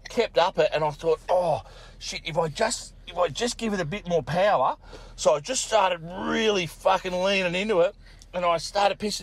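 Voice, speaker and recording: A man's voice: a little high, no echo. A man with an Australian accent, a listener who sent in a recording, telling a crude story in a casual way, swearing heavily and laughing. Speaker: caller sending in a story.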